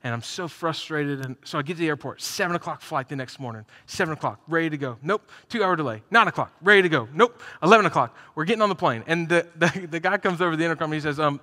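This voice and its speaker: A man preaching a sermon to a live congregation, telling stories with energy and building to loud, emphatic peaks. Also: fairly high pitch, quick pace, hardly any pauses. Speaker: pastor. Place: church hall, live congregation. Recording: reverberant church hall.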